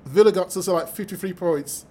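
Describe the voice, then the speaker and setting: A British man, a mathematician guest, telling stories with lively energy, acting out the voices of people he quotes and laughing as he goes. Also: sits high, quick pace. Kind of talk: animated storytelling in conversation.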